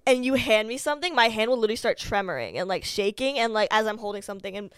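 A woman in her twenties, a podcast guest telling animated stories and filling nearly every phrase with "like". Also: a little high, quick pace, clear, resonant tone, dry recording. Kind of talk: casual storytelling chat.

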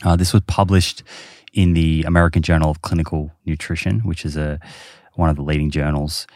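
A man's voice: extremely low pitch, steady tone, fairly quick, a little mellow, no echo, studio quality. A man hosting a podcast, explaining research casually with many fillers. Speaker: podcast host. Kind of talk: casual chat.

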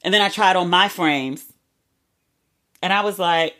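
A woman in her thirties hosting a podcast, chatting casually and telling animated stories with frequent asides. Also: fairly low pitch, measured pace. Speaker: podcast host. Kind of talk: casual solo chat.

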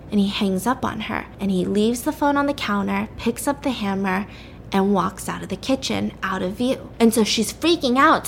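A young woman retells a story in a casual, chatty way, full of fillers. Her voice sits fairly high. A faint low rumble hums underneath. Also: fairly bright tone. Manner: chatty, lots of "like" and "you know".

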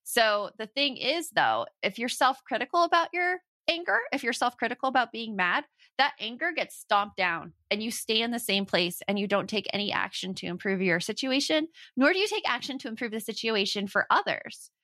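A woman co-hosting a casual parenting podcast, chatty and animated, often slipping into quoted inner voices. Her tone is bright and forward. The sound is dry and close to the mic. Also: fairly high pitch, moderate pace, hardly any pauses, dry recording. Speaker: podcast co-host.

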